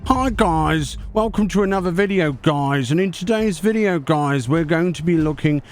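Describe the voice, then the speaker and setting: A man's voice: fairly high pitch, expressive, moderate pace, soft background music, pitched above the performer's own voice, close to an everyday voice. A man putting on an over-eager male clickbait video host who keeps saying "guys" and pushes sign-off plugs. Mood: hyped. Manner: hyped, repeats "guys", pushy sign-off plugs. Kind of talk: parody of a video intro.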